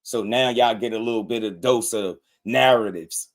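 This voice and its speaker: A man's voice: lowish voice, moderate pace. A man hosting a casual boxing commentary show, blunt and slangy, laughing often as he talks.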